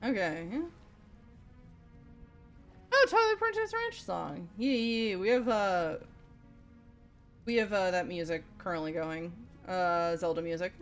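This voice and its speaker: A woman livestreaming a game, chatting casually with her viewers, swearing often and reacting loudly as she plays. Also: fairly low pitch, expressive, a little slow, long pauses. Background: faint game music.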